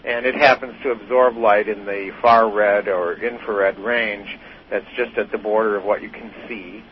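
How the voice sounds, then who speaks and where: A man's voice: lowish voice, fairly even intonation, normal speed. Doctor guy explaining stuff patiently on a talk show, dull audio w faint noise. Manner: patient explainer, uses analogies, some fillers. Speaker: guest expert, physician researcher. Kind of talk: explanatory interview answers.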